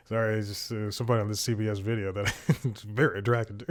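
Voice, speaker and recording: Rambling, chuckling podcast host. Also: male voice, lowish voice, fairly quick. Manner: rambling, self-deprecating, laughs often. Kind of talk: casual comedic podcast monologue.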